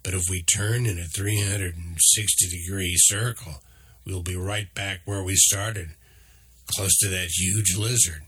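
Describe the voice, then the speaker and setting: A man's voice: sits low, steady tone, measured pace, a bit bright, slightly rough, full character voice. A man voicing a lost male traveler who asks uncertain questions.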